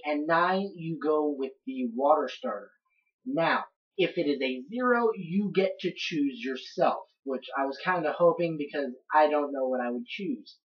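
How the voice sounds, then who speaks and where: Woman gamer, low voice, rambling let's-play commentary, dull lo-fi recording. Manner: rambling, chatty, narrates each step. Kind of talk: casual game commentary.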